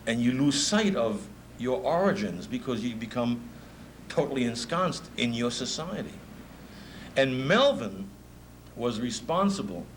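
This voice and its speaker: A man's voice: medium pitch, a little hiss or hum, low-quality recording. A man in his fifties with a New York accent, a music promoter telling stories in a speech and laughing often. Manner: animated storyteller, laughs often. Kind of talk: anecdotal speech.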